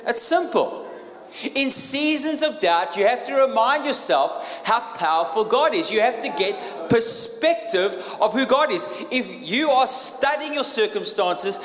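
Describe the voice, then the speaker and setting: Male preacher, higher voice, emphatic sermon delivery, long hall reverb. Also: expressive, normal speed, a bit bright. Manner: emphatic, repeats key phrases, asks the crowd questions.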